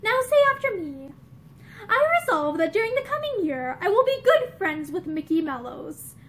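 A woman's voice: very high-pitched, very animated, moderate pace, fairly bright tone, full character voice. A woman reading aloud voices a cheerful, kindly young man in an old-fashioned storybook. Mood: cheery. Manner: cheery, eager.

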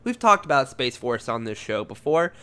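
A man's voice: medium pitch, big pitch swings, normal speed, pushed and bright, smooth. A man co-hosting a podcast in casual comedic banter, rambling and joking, often laughing. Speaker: podcast co-host.

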